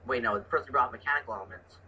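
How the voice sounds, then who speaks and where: Man, young, bright tone, casual gaming chat, rambling, faint hiss. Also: mid-range voice, rapid-fire, rough recording. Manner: rambling, restarts his sentences. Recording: faint background noise.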